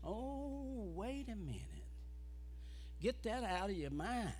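A man preaching a fiery revival sermon as an evangelist, building from quiet talk to shouted preaching. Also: high voice, very animated, slow pace.

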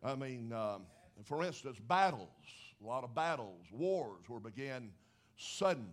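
A man's voice: medium pitch, very animated, a little slow. A man preaching a sermon in a folksy, conversational way, growing emphatic as he goes. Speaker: pastor.

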